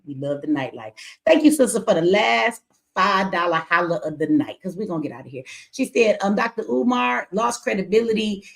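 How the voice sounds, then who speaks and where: A woman's voice: medium pitch, lively intonation, fairly quick, creaky. Woman host, tired and blunt, casual livestream talk, teasing, reads viewer comments aloud. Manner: blunt, candid, joking, reads super chats aloud.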